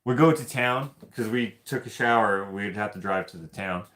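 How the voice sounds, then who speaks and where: A man from Canada hosting a casual livestream, telling stories in an animated, laughing, loosely profane way. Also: lowish voice, normal speed. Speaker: host of live hangout stream.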